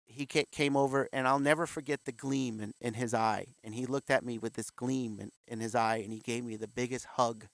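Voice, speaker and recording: A man's voice: medium pitch, steady tone, fairly quick, vocal fry, hardly any pauses, dry recording. A man in his fifties, a guest in an interview, telling his story candidly and acting out the voices of the people he quotes. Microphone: video call.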